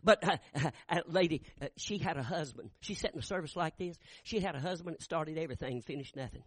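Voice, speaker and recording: Man, older, preacher, animated storytelling sermon, dry close sound. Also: a little high, fast talker, no room sound. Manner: folksy, animated, rising to shouts. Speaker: Baptist preacher. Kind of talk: sermon storytelling with acted dialogue.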